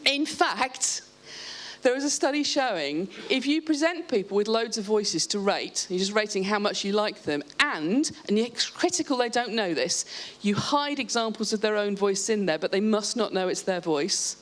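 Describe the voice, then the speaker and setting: A woman speaking on a live panel, explaining her ideas in a lively way and restarting her sentences often. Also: medium pitch, normal speed. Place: stage at a live event.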